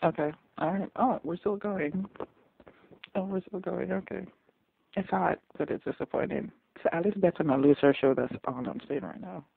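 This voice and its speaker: A man with a gravelly, fairly high voice reacts live to a TV episode and keeps exclaiming and repeating himself. The sound is thin and phone-like, with no room echo at all. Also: moderate pace. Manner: animated, exclaiming, repeats phrases. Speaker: reaction video host. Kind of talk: live audio reaction commentary. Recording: phone-like dry audio.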